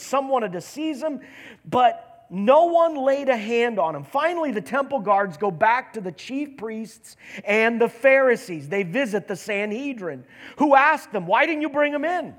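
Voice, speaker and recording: A man preaching a sermon, animated, acting out the lines of Bible characters as he retells the story. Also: very high-pitched, normal speed. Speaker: pastor.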